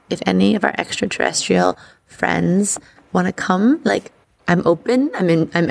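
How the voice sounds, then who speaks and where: A woman hosting an astrology podcast, talking in a chatty, excitable way full of "like". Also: mid-range voice, moderate pace, creaky, breathy edge. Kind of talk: casual podcast monologue.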